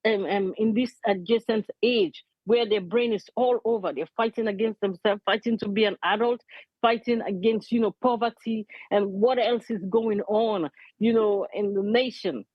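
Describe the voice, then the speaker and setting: A woman's voice: mid-range voice, fairly even intonation, normal speed, breathy edge, dry recording. Woman, middle-aged, emotional, insistent, dry close sound, lo-fi. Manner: earnest, emotional, repeats key points. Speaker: community advocate. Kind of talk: impassioned interview testimony.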